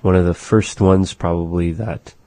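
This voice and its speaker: A middle-aged man teaching a language in a relaxed chat, patiently repeating words to demonstrate their sounds. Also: sits low, normal speed.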